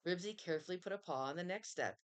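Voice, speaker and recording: A woman reading a children's chapter book aloud in an expressive storytelling manner. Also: on the low side, fast. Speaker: reader.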